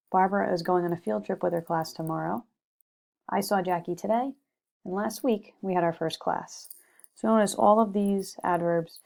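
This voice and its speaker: A woman's voice: fairly low pitch, creaky, dark tone. A young woman giving a recorded slide lecture on grammar, methodical, with frequent "okay" and "um". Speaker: teacher presenting a lesson.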